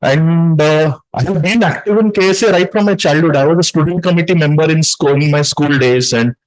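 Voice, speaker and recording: A man giving an emotional speech at a community event, earnest and halting, with many fillers and restarts. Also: fairly high pitch, poor audio. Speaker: guest speaker.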